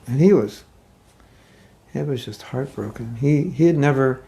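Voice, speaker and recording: A man giving a conversational sermon, retelling a scripture story with halting asides. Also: medium pitch, creaky, warm tone. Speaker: spiritual teacher.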